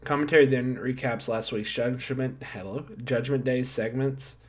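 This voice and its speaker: A man's voice: medium pitch, steady tone, moderate pace. Chatty man rambling through a recap. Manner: rambling, self-correcting, jokey asides; gives star ratings. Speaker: wrestling show reviewer. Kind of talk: casual recap commentary.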